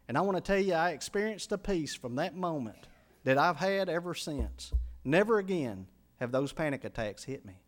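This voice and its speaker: A middle-aged man, preaching a sermon as a pastor and telling his own testimony, rising from quiet confession to loud, pleading climaxes. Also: a little high, lively intonation, moderate pace.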